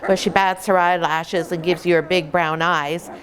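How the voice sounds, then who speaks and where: A middle-aged woman who breeds puppies, explaining patiently and warmly in an instructional vlog at home, sometimes slipping into playful voices. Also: on the low side, steady tone, normal speed, a little hiss or hum. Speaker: puppy breeder.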